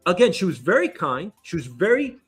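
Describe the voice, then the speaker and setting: A man, hosting his own show and telling a story as an indignant, animated rant. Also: high voice, brisk, husky, faint music behind. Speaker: show host. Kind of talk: casual ranting monologue. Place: New York.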